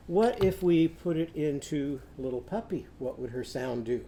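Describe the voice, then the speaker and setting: A man's voice: on the high side, animated, moderate pace, few pauses, dark tone. A man teaching a children's literacy lesson, patient and sing-song, often singing lines for kids to repeat.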